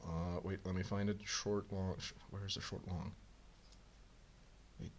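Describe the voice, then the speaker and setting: A man reading a bomb manual aloud in a casual co-op game, hurried and muttering. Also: low voice, flat delivery, a little hiss or hum. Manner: hurried, mutters while searching, bursts into laughter. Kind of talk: casual gaming chat.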